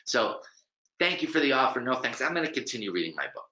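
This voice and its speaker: A man's voice: medium pitch, sing-song, fast, sharp tone, voice pushed up. A man playing a weary, polite adult. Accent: American. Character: tired adult politely refusing a stranger. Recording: roomy, slightly dull webinar audio.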